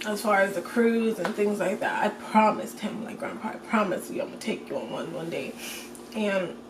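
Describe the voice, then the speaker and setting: A young woman vlogger telling a personal story to the camera in an emotional, halting way, full of fillers. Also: mid-range voice, noisy background. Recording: roomy echo, voice from a distance.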